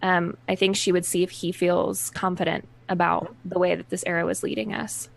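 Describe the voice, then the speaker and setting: A woman's voice: on the low side, level tone, moderate pace, gravelly. Woman player chatting at a tabletop game. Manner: chatty, describes her character's actions.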